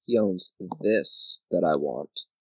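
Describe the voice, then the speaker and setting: A man narrates his board game session in an unhurried, drawn-out way, counting moves aloud and grumbling in mock anger at his opponent. His voice swings up and down freely. The sound is dry and close, with no room echo. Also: sits low, animated, husky. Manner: talks to himself, counts squares aloud, mock-angry grumbling. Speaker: gamer playing a board game video game. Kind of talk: casual gameplay commentary.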